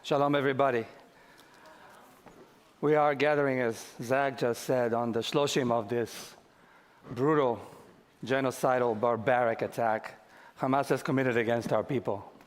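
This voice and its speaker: A man speaking as a diplomat at a conference, giving a solemn, measured formal speech. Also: medium pitch, fairly even intonation. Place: large conference hall. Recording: echoey conference hall.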